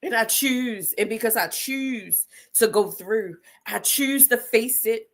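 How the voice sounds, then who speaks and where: A woman in middle age pours out an emotional inspirational monologue, her high voice husky and close to tears. She moves slowly, leaning on repetition like a sermon, and stays defiant. It sounds like a personal testimony. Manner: preacher-like repetition, tearful and defiant. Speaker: host.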